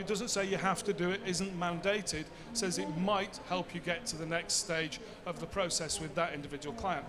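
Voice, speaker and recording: A man, giving a conversational conference talk and answering his own rhetorical questions. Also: high-pitched. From Bradford, England. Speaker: seminar speaker.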